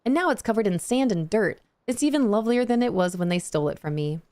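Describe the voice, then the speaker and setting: Game pixie king, male, whiny and self-pitying, slightly gravelly read by a woman in her own voice. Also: medium pitch, lively intonation, fast, darkish tone, close to an everyday voice. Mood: sulky grandiose. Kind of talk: reading game dialogue aloud.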